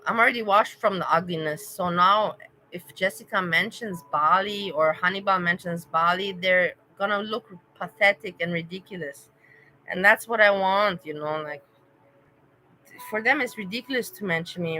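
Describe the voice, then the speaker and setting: A woman's voice: mid-range voice, normal speed, bright, forceful tone, slight background noise, rough recording. A young woman chatting casually on a livestream, emotional and rambling as she talks to her viewers by name. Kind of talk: casual live-stream chat.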